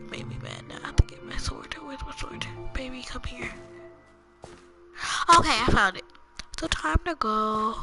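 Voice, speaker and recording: Woman w/ talking low over her game, kinda high voice, game music behind her. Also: expressive, a little slow, bright, forceful tone, rough recording. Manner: chatty, talking to viewers in a low voice. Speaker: gaming channel host. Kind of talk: casual gameplay commentary. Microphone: headphones with a mic.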